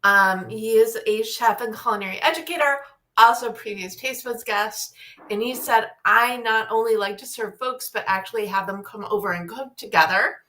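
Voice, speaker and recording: A woman's voice: a little high, normal speed, pushed and bright. A woman hosting a casual talk show over a video call, steering the conversation and reading out listener comments. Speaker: host. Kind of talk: casual chat.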